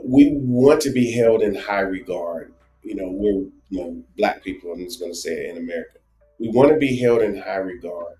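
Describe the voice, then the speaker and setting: A man with a New Jersey accent co-hosting a casual travel live stream, rambling and animated with lots of restarts. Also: lowish voice, reverberant. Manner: animated, rambling, many restarts and "you know". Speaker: travel show co-host.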